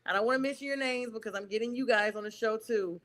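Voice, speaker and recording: A woman from North Carolina with a Southern accent, hosting a casual sports talk show, chatty and quick to laugh. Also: fairly high pitch. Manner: chatty, laughs often, animated asides.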